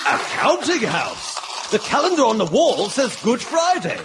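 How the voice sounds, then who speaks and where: A man's voice: extremely high pitch, wildly swooping pitch, normal speed, exaggerated voice. A man voicing a pompous, shameless Victorian novelist, theatrical and self-satisfied, in a comedy radio sketch. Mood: grandiose. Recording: loud music behind the voice.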